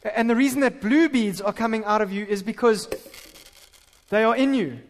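A man preaching a sermon as pastor, animated and full of stammered restarts. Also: high-pitched, moderate pace. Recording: reverberant hall.

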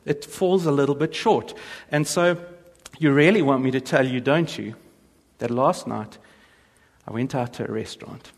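A man giving a humorous faith talk to an audience, telling stories with jokes and quick impressions. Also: mid-range voice. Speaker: speaker. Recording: long reverb of a large hall.

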